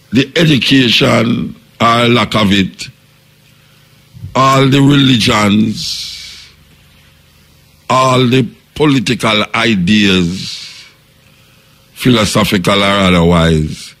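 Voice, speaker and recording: A man's voice: medium pitch, gravelly, a bit bright. A man with a Jamaican accent, hosting a radio talk show. He reasons through a long monologue, asks rhetorical questions and quotes other people in passing. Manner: preaching, posing rhetorical questions, quoting others in their voices.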